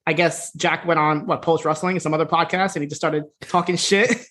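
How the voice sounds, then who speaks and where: A man's voice: on the high side, fairly quick. A man co-hosting a podcast, recapping a wrestling series in a casual, profane way and acting out what the characters say. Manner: laid-back, profane, laughing, acts out quotes in animated voices. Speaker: podcast co-host.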